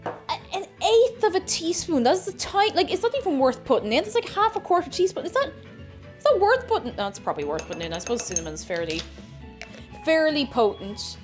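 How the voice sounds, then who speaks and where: A woman's voice: sits high, big pitch swings, brisk, faint music behind. Chatty Irish woman baking live. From Ireland. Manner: chatty, rambling, talks to herself while measuring. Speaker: streamer. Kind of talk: casual chat while baking on a live stream.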